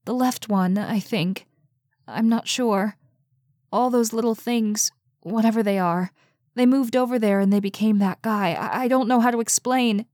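A woman's voice: on the high side, a little slow, darkish tone, no room sound, clean studio sound, natural voice. Woman voicing a tearful frightened young woman. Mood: shaken. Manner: shaky, hesitant, pleading.

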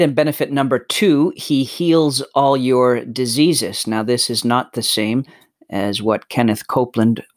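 A man's voice: fairly low pitch, no room sound, clean studio sound. A man discussing scripture in a plain, chatty way with light asides. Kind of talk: conversational Bible discussion.

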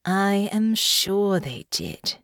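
A woman voicing Delphinia, a tall, grim, knowing young noblewoman, speaking low, slow and soft in an audiobook. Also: very animated, breathy edge, no echo, studio quality. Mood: scornful. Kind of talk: audiobook character voice.

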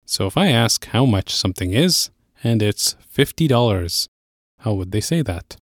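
A man hosting an audio language lesson, explaining words in a clear, steady way and slowing down on key phrases. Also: lowish voice, no echo, clean studio sound.

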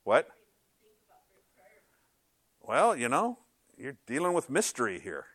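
A man's voice: medium pitch, huge pitch swings, slow pace, fairly bright tone, breathy edge, no echo. A male pastor preaching a sermon in a conversational, emphatic way, with frequent rhetorical questions.

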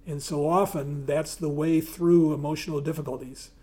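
A man giving a talk, partly reading aloud and partly speaking freely with hesitations, and often clearing his throat. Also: on the high side, fairly even intonation, moderate pace, warm tone. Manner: reads aloud, then speaks with hesitations and fillers.

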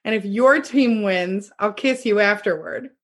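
A woman's voice: medium pitch, unhurried, heavy background noise. A young woman co-hosting a podcast, animatedly retelling a dating story with acted quotes and laughter. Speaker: podcast co-host. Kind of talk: casual chat, storytelling.

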